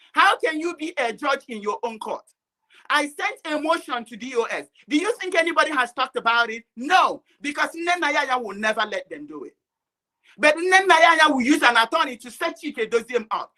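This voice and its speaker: A woman's voice: high voice, sharp tone, rough recording. An upset woman caller giving an angry, accusatory speech full of rhetorical questions, close to tears. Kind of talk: impassioned call-in speech.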